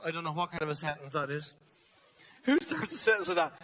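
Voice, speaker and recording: A man with an Irish accent doing loud, animated stand-up storytelling on stage, swearing freely. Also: sits high, quick pace, vocal fry, slight background noise. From Ireland. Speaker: stand-up comedian. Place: live comedy venue on stage.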